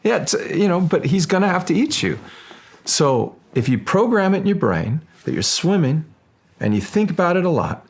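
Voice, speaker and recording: A middle-aged man, an actor guest in a casual interview, speaking with a husky voice, often restarting his sentences and growing lively as he tells a story. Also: high voice. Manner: halting, restarts often, grows animated while telling a story.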